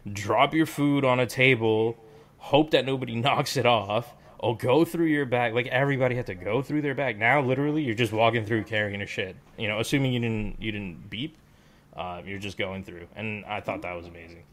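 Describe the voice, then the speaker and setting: A man's voice: mid-range voice, brisk, fairly bright tone. A man chatting casually with friends, rambling with lots of fillers and restarts. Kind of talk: casual chat.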